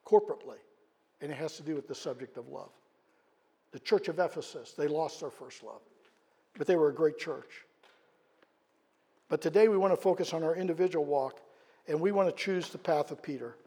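A man's voice: brisk, pauses often, breathy edge. Earnest preaching man in a reverberant church. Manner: earnest, rising to loud emphatic peaks then dropping low. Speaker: pastor. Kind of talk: sermon. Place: church sanctuary. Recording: long hall reverb.

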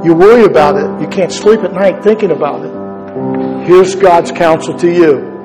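A man's voice: fairly high pitch, moderate pace, long reverb tail, over music, rough recording. A male pastor preaching an earnest, conversational sermon, repeating key phrases for emphasis. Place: church sanctuary.

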